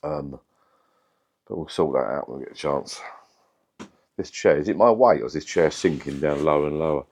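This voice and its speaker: A middle-aged man with a deep voice, chatting casually and rambling to camera in his home vlog. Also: moderate pace, long pauses, darkish tone. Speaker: vlogger.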